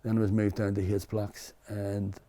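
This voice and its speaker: An older Belfast man with a Belfast accent tells his story as an interview guest, rambling and candid, often restarting and saying "you know." His voice sits on the low side, warm and level, at a moderate pace.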